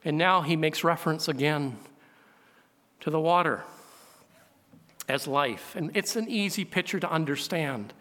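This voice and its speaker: A male pastor with a somewhat high voice delivers a sermon. He asks his listeners questions and builds to loud, emphatic peaks, his voice trailing off in a long hall reverb. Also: a little slow, long pauses.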